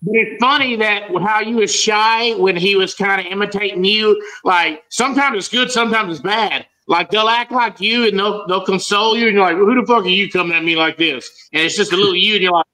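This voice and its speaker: A man's voice: high-pitched, a little fast, few pauses, bright, forceful tone, low-quality recording. A man joking and laughing through casual live-show banter.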